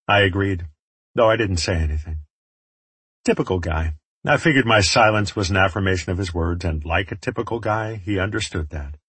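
A man's voice: low-pitched, fairly quick, a bit bright, breathy edge, no echo. A man narrating an audiobook in the first person, with a wry, reflective storytelling manner.

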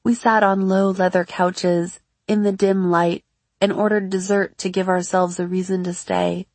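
Husky-voiced woman reading a memoir. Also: fairly low pitch, little pitch movement, a little mellow, dry recording. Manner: measured, reflective first-person reading. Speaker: memoir narrator. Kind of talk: scripted audiobook narration.

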